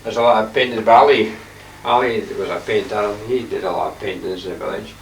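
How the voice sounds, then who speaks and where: An older man talks his halting, wandering way through his paintings, often clearing his throat. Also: on the low side. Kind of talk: rambling casual reminiscence. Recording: echoey room, distant mic, faint hiss.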